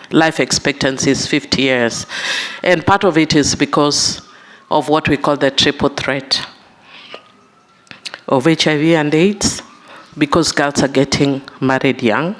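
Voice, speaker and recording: A middle-aged Kenyan woman, a member of parliament, giving an emotional, halting public speech. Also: low-pitched, fairly bright tone. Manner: emotional, halting, apologizes for her feelings. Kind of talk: public speech at a side event. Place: conference room.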